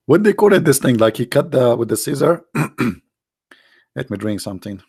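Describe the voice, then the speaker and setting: A man's voice: medium pitch, gravelly, darkish tone, breathy edge, no room sound, studio quality. A man from the Arab world with an Arabic accent, hosting a casual commentary in a mocking, sarcastic manner. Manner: mocking, sarcastic, jumps into voices. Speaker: host.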